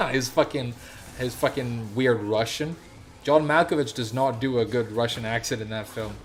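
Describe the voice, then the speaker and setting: A man's voice: medium pitch, steady tone, normal speed, faint music behind. Young man rambling while streaming. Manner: rambling, loose, profane, lots of fillers. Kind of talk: casual chat while gaming.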